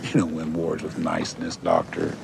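A gravelly army colonel. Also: male voice, very deep voice, very animated, moderate pace, full character voice. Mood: gruff. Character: gruff male army colonel, blunt and tough. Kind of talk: film dialogue. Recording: film clip played in room, faint noise.

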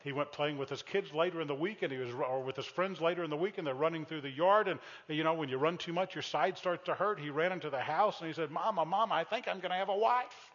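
A man preaching a sermon, telling a story with animated, shouted exclamations and dropping to a soft tone for heartfelt appeals. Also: fairly high pitch, quick pace, few pauses, big-room sound, muffled recording. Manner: drops to a soft, intimate tone for appeals. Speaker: pastor.

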